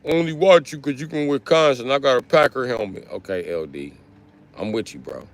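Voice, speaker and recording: Trash-talking man streaming to chat. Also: brisk. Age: late 30s. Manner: trash-talking, mocking chat users with shouted high bits. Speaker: livestreamer reading chat. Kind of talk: casual livestream chat.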